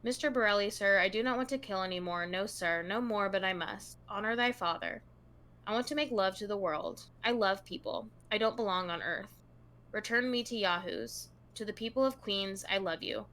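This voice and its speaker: A woman's voice: mid-range voice, lively intonation, moderate pace, a bit bright. A woman co-hosting a true crime podcast, reading long passages aloud to her co-host in a casual, chatty tone.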